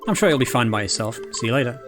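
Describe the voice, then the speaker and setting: A man voicing a calm, formal guide character who explains things in measured, proper speech. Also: mid-range voice, natural voice. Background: game music.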